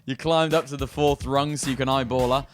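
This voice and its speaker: A man's voice: mid-range voice, steady tone, a little fast, faint music behind. A man, a cruise director, telling jokes and teasing his co-host in playful onstage banter.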